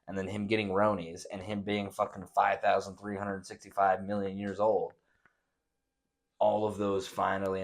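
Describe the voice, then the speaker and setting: A young man, hosting a casual podcast, reading news aloud and breaking into profane, mocking rants with exaggerated voices. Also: lowish voice. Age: young adult. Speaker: podcast host. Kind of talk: casual rant reacting to news.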